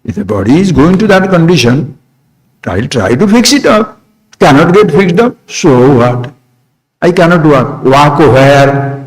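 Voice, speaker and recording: A man's voice: sing-song, measured pace, rough recording. Emphatic spiritual teacher, man. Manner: emphatic, rhetorical questions, swings from soft to sudden high emphasis; speaks in short repeated phrases. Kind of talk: spiritual discourse to an audience.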